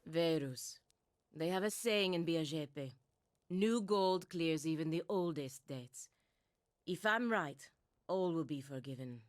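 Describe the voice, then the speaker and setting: A woman voicing a pragmatic, resigned female envoy in a video game, speaking in a measured, composed way. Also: sits low, animated, no room sound, clean studio sound. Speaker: game character.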